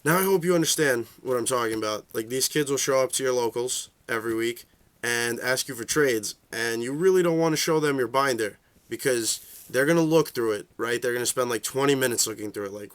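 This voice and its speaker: A young man rants casually at medium pitch, swearing freely and padding his sentences with fillers. He rambles from one point to the next in a loose, unscripted way. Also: brisk. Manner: profane, rambling, full of fillers; shifts into high voices for quoted reactions. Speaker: card game vlogger. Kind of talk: casual rant.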